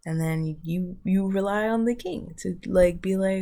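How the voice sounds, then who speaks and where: A woman's voice: medium pitch, unhurried, vocal fry, hardly any pauses, warm tone. A woman vlogger giving a casual spiritual talk, loose and searching as she thinks aloud.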